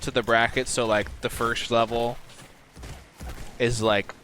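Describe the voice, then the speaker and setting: Young male co-host, rambly and filler-heavy, mid-pitch, game gunfire behind. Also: little pitch movement, measured pace, fairly bright tone. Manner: rambling, many fillers and restarts. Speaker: podcast co-host and gamer. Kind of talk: casual chat while gaming. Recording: game sound noise behind. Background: video game gunfire.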